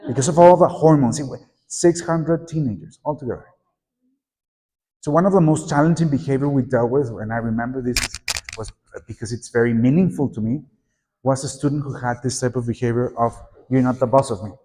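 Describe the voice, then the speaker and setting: A middle-aged man leads a workshop for teachers, lively and prompting the audience to repeat and join in. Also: medium pitch, brisk. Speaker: teacher trainer. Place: conference room at a teachers' meeting. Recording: echoey conference hall.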